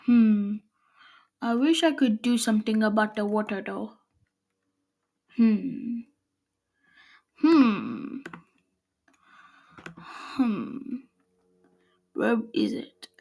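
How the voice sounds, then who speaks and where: A woman's voice: fairly high pitch, animated, extremely slow, creaky, long pauses, warm tone. A woman giving casual gameplay commentary, chatting to herself while she builds. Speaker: gameplay video maker.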